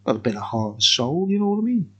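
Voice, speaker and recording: A man's voice: medium pitch, big pitch swings, fast, bright, forceful tone, husky, lo-fi sound. A man, reviewing beer in a rambling, jokey, profane casual chat. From England.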